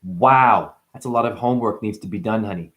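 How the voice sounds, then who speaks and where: With a lowish voice and a brisk pace, a man talks to the camera in the role of a self-styled spiritual guru. He's boastful and rambling, jumping between loud bursts and muttered remarks.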